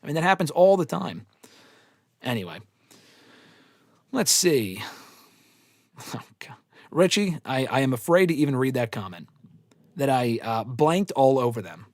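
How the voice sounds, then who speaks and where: A man's voice: mid-range voice, expressive, normal speed, long pauses, darkish tone, no echo, studio quality. Blunt, profane male stream host. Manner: blunt, profane, rambling opinions. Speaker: host answering fan questions. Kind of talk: live casual Q&A stream.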